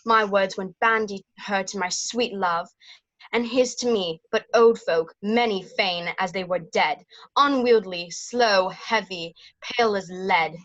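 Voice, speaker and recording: A woman's voice: mid-range voice, unhurried, a bit bright, dull audio, lightly acted. A woman acting a young, impatient, lovesick Juliet in an amateur Shakespeare reading, pleading and delivering the verse eagerly over a video call. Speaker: actor in an online Shakespeare reading. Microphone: video call microphone.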